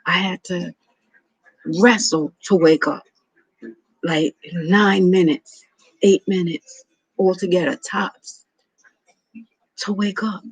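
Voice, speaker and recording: Man in his 30s, rambling casual storyteller, a bit high, husky voice. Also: fairly even intonation, takes it slowly, long pauses, no room sound, poor audio. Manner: rambling, profane, repeats himself. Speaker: vlogger.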